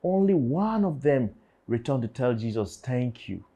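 A man's voice: mid-range voice, very animated, a little slow, mellow. A man in his forties preaching to teenagers, fervent and prayerful. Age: 40s. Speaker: youth pastor. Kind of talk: sermon.

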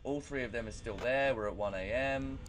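A man hosts a horror game let's play for his gaming channel, nervous, swearing a lot and mocking himself. His voice is medium-pitched and brisk, with a noisy background behind him.

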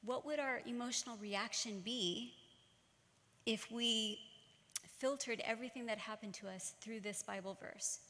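A middle-aged woman giving a church talk, telling stories in a measured, earnest way. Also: on the high side, bright, forceful tone. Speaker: church speaker. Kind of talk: sermon-style talk. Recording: long church-hall reverb.

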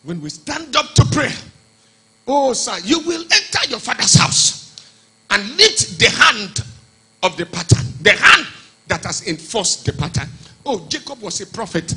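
A man preaching a sermon as pastor, shifting between hushed storytelling and shouted exhortation. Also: sits high, big pitch swings, a little slow, husky, low-quality recording.

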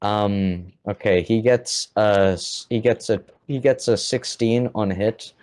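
A man runs a tabletop game as dungeon master, his voice low and dark-toned. He narrates haltingly, circling back and filling gaps with ums and likes. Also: steady tone. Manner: halting, full of fillers and restarts.

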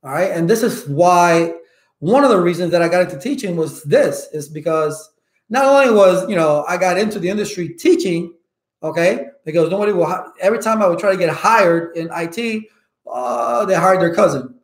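A man who teaches IT certifications, giving viewers loud, emphatic advice in a casual way and often checking in with "okay?". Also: high voice, expressive, normal speed, reverberant. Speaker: IT certification instructor.

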